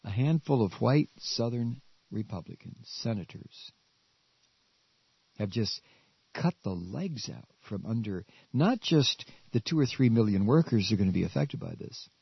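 A man rants on the radio in a lively, swooping voice that climbs into shouts. His tone is a little husky and he stumbles over his words. The sound is dull and dry. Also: medium pitch, measured pace, no room sound. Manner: angry, stammering, shouting outbursts. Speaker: radio talk host. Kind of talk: political rant.

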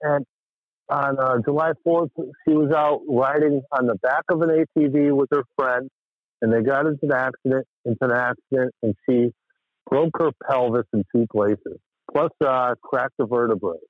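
A man's voice: mid-range voice, fairly even intonation, moderate pace, no echo. A man from Western Massachusetts calling in, telling a rambling, exasperated story with many restarts. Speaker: caller. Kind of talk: casual call-in chat. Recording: tinny phone line.

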